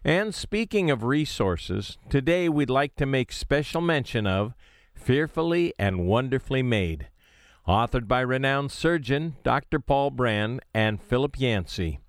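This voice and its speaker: A man's voice: medium pitch, lively intonation, measured pace, no echo. A man announcing the close of a radio program with upbeat, scripted delivery. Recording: dry studio sound.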